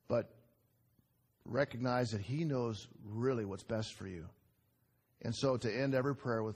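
A man preaching a sermon in a conversational way, asking the congregation rhetorical questions and dropping to quiet asides between emphatic lines. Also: medium pitch, breathy edge. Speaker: pastor.

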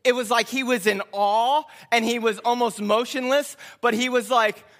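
A man's voice: extremely high pitch, steady tone, moderate pace, fairly bright tone. A man preaching a sermon, telling a story in an earnest, reflective way and often repeating his words.

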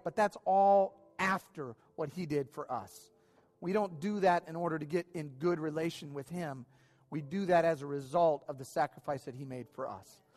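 An earnest man preaches to his congregation in a loose, informal way, often restarting his sentences. His voice sits slightly high for a man. The sound rings with the long reverb of a church sanctuary. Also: a little mellow. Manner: earnest, informal, stumbling over words when moved. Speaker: pastor. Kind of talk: sermon.

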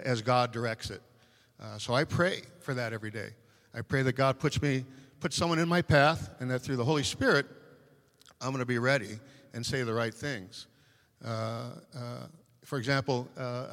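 A man's voice: medium pitch, a bit bright. A man speaking as a personal evangelist, telling a story in casual talk with many fillers and restarts. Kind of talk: casual testimony in a panel discussion. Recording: long hall reverb.

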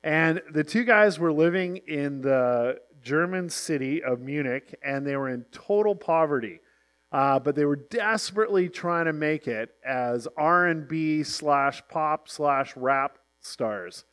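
A man in his forties telling a music history story in an animated way, acting out the people he quotes. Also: on the high side, unhurried. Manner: animated, acts out quoted voices. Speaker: presenter. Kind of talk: storytelling talk.

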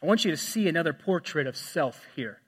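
A man delivers a sermon in a church sanctuary. His pitch sits high for a man, and his voice rings out with long hall reverb. He swings between loud, emphatic passages and quiet, hushed asides. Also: animated, fairly quick, husky. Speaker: pastor.

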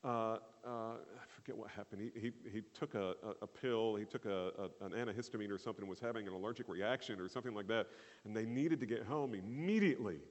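Low-voiced man preaching in a reverberant hall. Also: quick pace. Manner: conversational preaching, with fillers and repeated phrases. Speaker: pastor. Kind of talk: sermon.

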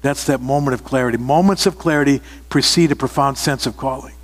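A man's voice: mid-range voice, brisk, big-room sound. A man preaching a sermon, earnest and direct, often repeating phrases for emphasis and asking his listeners questions. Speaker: pastor.

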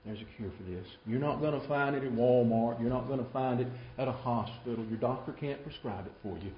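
A man delivers a sermon with dramatic storytelling, leaning hard on some lines and dropping to a near hush on others. The sound is muffled and roomy, like a live recording in a church hall. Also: mid-range voice, a little fast, a little hiss or hum. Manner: dramatic storytelling, swings between loud and hushed. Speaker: preacher.

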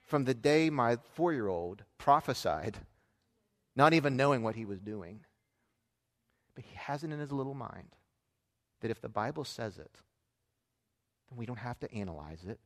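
A man's voice: medium pitch, expressive, normal speed, long pauses. Storytelling male pastor in a reverberant hall. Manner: storytelling, conversational, swings from hushed asides to loud emphasis. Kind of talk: sermon.

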